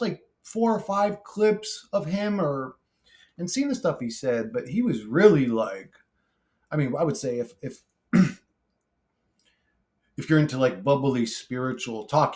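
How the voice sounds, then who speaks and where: A man's voice: mid-range voice, a little mellow. A man chatting casually on his own channel, blunt and profane, rambling with restarts as he answers viewer comments. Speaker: YouTuber reading comment replies. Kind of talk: casual monologue.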